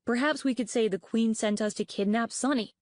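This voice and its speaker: A woman's voice: fairly high pitch, fairly quick, a little mellow, no room sound, studio quality, voice pushed up, close to an everyday voice. A woman doing a clever, nervous young dragon. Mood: thoughtful.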